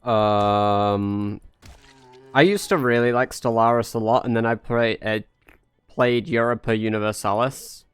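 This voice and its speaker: Slow-talking young Englishman streaming. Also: lowish voice, a bit bright, clean tone, dry recording. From England. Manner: rambling, jokey, many fillers. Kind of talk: casual live-stream chat. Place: home in Norway.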